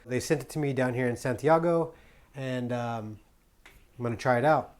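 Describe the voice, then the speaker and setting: Man, travel vlogger, casual rambling chat, playful, filler-heavy, medium-pitched voice. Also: animated, quick pace, a little mellow. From United States.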